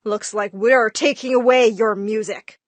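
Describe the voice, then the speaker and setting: Stern scolding storytime dad, read by a woman, fairly high voice, dry close sound. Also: fairly even intonation, measured pace, dry recording, natural voice. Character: strict angry middle-aged dad.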